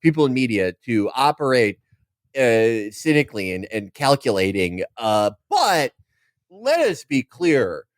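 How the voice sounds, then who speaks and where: A man co-hosting a comedy podcast in casual banter, animated and often laughing, who slips into mocking impressions. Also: medium pitch, unhurried, dry recording, studio quality. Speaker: podcast co-host.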